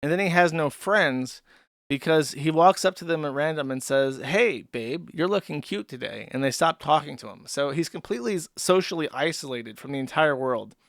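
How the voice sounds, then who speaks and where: A man's voice: on the high side, brisk, a bit bright, no echo, clean studio sound. A man hosting a stream commentary, ranting sarcastically with lots of swearing and filler words. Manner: profane, sarcastic, frequent fillers. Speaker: commentary host.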